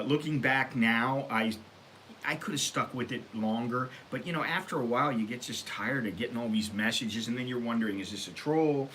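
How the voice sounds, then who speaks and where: A middle-pitched American man talks straight to camera in a loose, rambling monologue, blunt and opinionated, and his voice climbs when he gets going. A faint hiss sits under the recording. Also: fairly bright tone. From United States. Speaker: vlog host. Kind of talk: casual vlog monologue. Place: Thailand.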